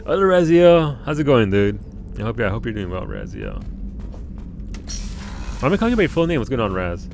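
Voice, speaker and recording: A man's voice: lowish voice, wildly swooping pitch, fairly quick, creaky, long pauses, darkish tone, faint music behind. A man chatting casually on a live game stream at home, rambling, swearing freely and laughing often.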